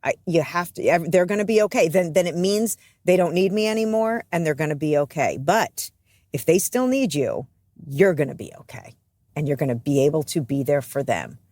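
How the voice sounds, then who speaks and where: Low-voiced woman, reflective and earnest. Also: lively intonation, fairly quick, darkish tone, no echo. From US East Coast. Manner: reflective, earnest, self-deprecating. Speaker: radio host, guest. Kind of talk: candid interview talk.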